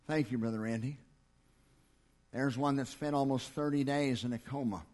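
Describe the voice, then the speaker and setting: A man preaching a sermon in a church with an impassioned, repeating cadence, swinging from loud declarations to hushed lines. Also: medium pitch, steady tone, moderate pace.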